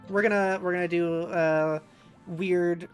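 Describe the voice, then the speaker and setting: A playful woman streamer who chats and giggles while she plays a game and reads out comments from chat. Her voice sits a little low, with faint music playing behind it. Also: steady tone, measured pace, rough recording. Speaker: streamer co-host.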